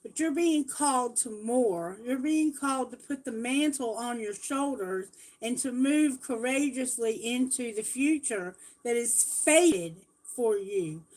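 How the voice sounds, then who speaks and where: A woman's voice: sits high, darkish tone, rough recording. A woman giving a live tarot reading, chatting casually and correcting herself as she goes. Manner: chatty, self-correcting, reads lyrics and prayers aloud. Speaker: tarot reader. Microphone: phone.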